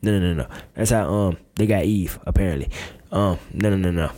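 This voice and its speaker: A young man in his twenties talks straight to the camera in a candid confessional monologue, his voice sitting a little low. He rambles in loose slang and often restarts his sentences. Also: brisk, warm tone.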